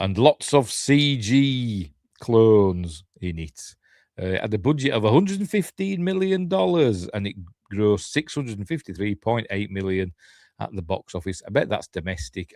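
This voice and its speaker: Yorkshire man, tired, rambling live-stream host, low voice, dry close sound. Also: a little mellow, no echo. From Yorkshire, England. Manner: rambling, self-deprecating, chuckling asides. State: tired, yawning. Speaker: YouTube host. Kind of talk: casual live-stream chat.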